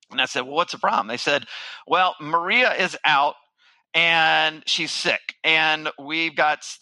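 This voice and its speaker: A man's voice: a little high, bright, forceful tone, no room sound, low-quality recording. A middle-aged man giving a keynote, telling a story with animation and acting out his own panic. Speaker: keynote speaker, marketing firm founder.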